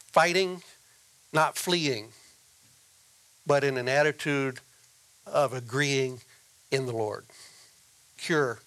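A man preaching a sermon as a pastor, slow and deliberate, repeating key phrases for emphasis. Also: fairly high pitch, fairly bright tone.

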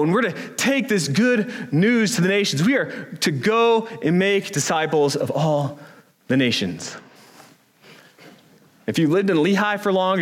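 A man preaching a sermon as pastor, earnest and emphatic, with rhetorical questions. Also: fairly high pitch.

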